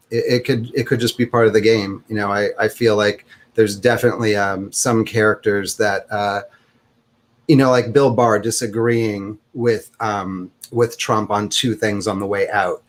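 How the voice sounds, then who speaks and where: A man co-hosting a political talk show, thinking aloud in a tentative, speculative way. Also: on the low side. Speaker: co-host.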